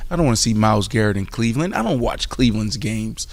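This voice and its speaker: A man hosting a casual sports talk show, who talks in slang and rants loudly in mock outrage. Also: fairly low pitch, quick pace, no echo. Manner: animated, loud rant with mock outrage.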